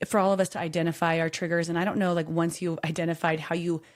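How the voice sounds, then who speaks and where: A woman in her thirties chatting candidly as a podcast co-host. She tells her story with lively swings of pitch and jumps into a higher voice to act out what others said. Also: fast talker. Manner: animated storyteller, acts out quotes in a raised voice. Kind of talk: candid casual chat.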